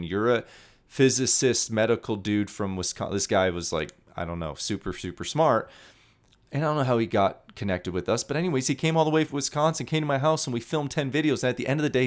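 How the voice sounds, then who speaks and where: A man hosting his own podcast, talking excitedly and pitching his services, now and then dropping into mumbled asides. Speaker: podcast host. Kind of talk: energetic solo podcast monologue.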